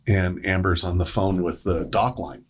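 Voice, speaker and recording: A male paramedic telling a story to a podcast panel, with a deep, husky voice. He talks casually and acts out what others said. His tone shifts between quoted speakers. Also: moderate pace.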